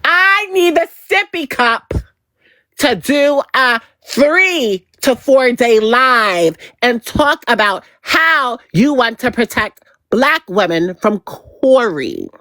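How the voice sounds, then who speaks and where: Slow, dramatic woman livestreamer. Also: fairly high pitch, lively intonation, sharp tone, no echo. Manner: dramatic and drawn-out, with teasing sing-song repetition. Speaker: livestream host. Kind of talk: gossip commentary on a livestream.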